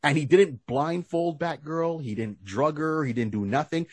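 A man's voice: on the high side, normal speed, slightly rough, dry recording. A man in casual podcast chat, animatedly retelling cartoon scenes and briefly acting out the characters.

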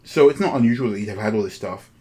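A man's voice: lowish voice, very fast, darkish tone. Man narrating as game master. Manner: descriptive, full of fillers and restarts.

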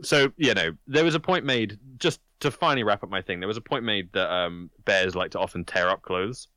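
A man's voice: lowish voice, fairly quick, sharp tone, no echo, studio quality. A man co-hosting a podcast, playful and mock-serious, laughing often in casual chat. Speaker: podcast co-host.

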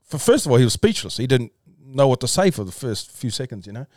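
A podcast guest with a mid-range, darkish voice tells a long story at a quick pace, very animated, in loose, casual chat full of swearing, restarts, and calls of "bro." The studio-quality recording has no echo.

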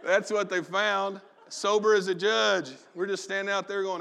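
A man preaching a sermon, telling a personal story with animated storytelling and acting out family members' voices. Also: sits high, moderate pace, vocal fry, hardly any pauses. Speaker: pastor.

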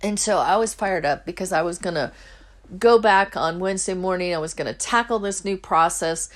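Woman, middle-aged, faith podcast host, earnest, slightly low pitch. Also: normal speed. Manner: earnest and emotional, retelling with quoted dialogue. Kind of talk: personal faith podcast storytelling.

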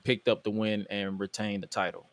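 A man hosting a casual wrestling review talk show, animated and often laughing as he acts out quotes. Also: fairly low pitch, normal speed, no echo. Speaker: podcast host. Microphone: studio mic at a table.

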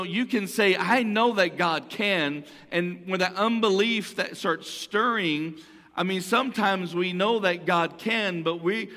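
Male pastor with a slightly high voice, chatty sermon delivery with repeated phrases, long hall reverb. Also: pushed and bright. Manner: conversational preaching, repeats phrases and restarts.

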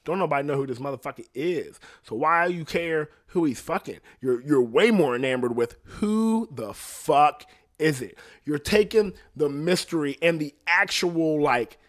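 Profane rambling man, slightly high voice. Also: expressive, normal speed. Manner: profane, rambling, laughs often. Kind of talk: casual chat.

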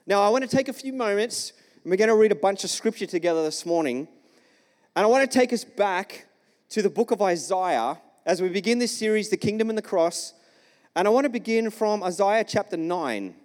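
Male pastor, high voice, storytelling sermon, long church-hall reverb. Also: lively intonation, fairly quick, darkish tone. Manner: storytelling, engages the congregation with questions.

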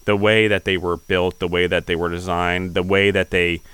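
Deep, smooth-voiced male podcast host. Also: little pitch movement, normal speed, fairly bright tone, no room sound. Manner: reflective, encouraging. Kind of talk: casual interview chat.

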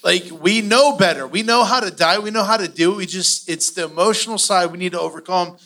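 A middle-aged man teaching a church finance class, telling stories with animated, acted-out quotes. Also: sits high, fairly quick. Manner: animated storytelling, acts out quotes.

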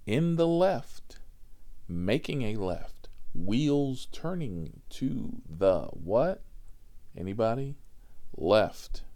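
A driver vents to his viewers about a difficult passenger, in a profane and exasperated rant. He talks slowly and stretches his words out, and his pitch swings widely up and down. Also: warm tone. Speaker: driver telling a story. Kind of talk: storytelling rant.

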